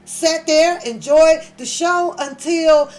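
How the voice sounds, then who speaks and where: A woman's voice: extremely high pitch, slow, a little mellow. A woman hosting a reaction channel, giving blunt, mocking, profane commentary and repeating phrases for emphasis.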